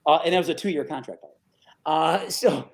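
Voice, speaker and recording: His voice is on the high side with some vocal fry, and he speaks at a normal speed. He's a sports broadcaster in his 40s from the Capital Region of upstate New York, casually telling stories as a podcast guest, animated, acting out quoted voices, and saying "dude" and "right?" often.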